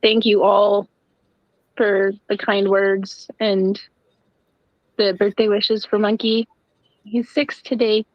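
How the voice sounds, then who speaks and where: A woman joining a stream as a guest, the mother of a missing child, speaking in a soft, steady way over a call from home. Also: medium pitch, slow, pauses often, no echo, dull audio. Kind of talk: casual chat on a stream.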